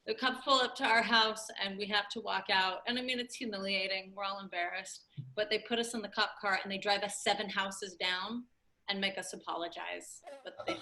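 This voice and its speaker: A woman in her late twenties, a comedian telling an animated story full of "like"s on a podcast. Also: medium pitch, normal speed. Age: late 20s. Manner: animated, laughing storyteller with many "like"s. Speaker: comedian guest.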